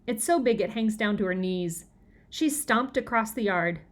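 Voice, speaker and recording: A woman narrating a children's novel aloud in a lively, expressive way. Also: mid-range voice, normal speed. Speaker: audiobook reader.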